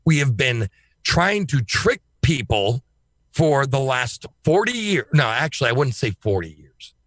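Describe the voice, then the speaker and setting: A man speaking as a guest on a podcast, talking in an emphatic, excitable way and swearing freely. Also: medium pitch, a little slow, no echo. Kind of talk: casual podcast chat.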